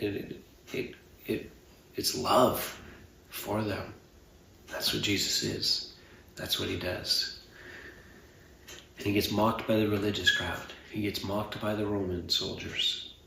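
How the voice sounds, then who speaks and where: Man, pastor, gravelly low voice, earnest sermon, roomy church, distant mic. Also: fairly bright tone, a little hiss or hum. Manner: earnest, measured, with fillers and pauses. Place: church sanctuary.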